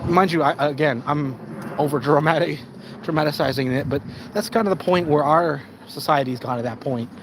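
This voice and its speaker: A man's voice: fairly high pitch, moderate pace, noisy background. A man ranting on a live stream, swearing and stumbling over his words as he repeats himself.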